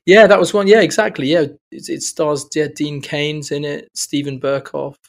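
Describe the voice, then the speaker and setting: An actor co-hosting a podcast, hesitant and halting in casual chat. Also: male voice, fairly high pitch, fairly even intonation, gravelly. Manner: hesitant, lots of fillers and restarts.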